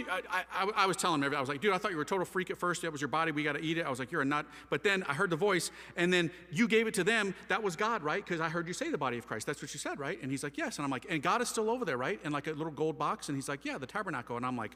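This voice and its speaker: A man with a bright, fairly high voice tells his story with lively energy, slipping into casual slang as he acts out both sides of a conversation. His voice rings with the long reverb of a large hall. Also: very fast, hardly any pauses. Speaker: speaker giving his testimony. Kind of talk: animated storytelling talk.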